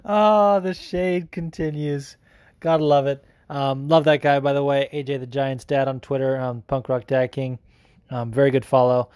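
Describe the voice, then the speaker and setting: Profane, rambling podcast host. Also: male voice, medium pitch, fairly even intonation, normal speed, darkish tone, dry recording, clean studio sound. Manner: profane, rambling, with many fillers. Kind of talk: casual podcast monologue.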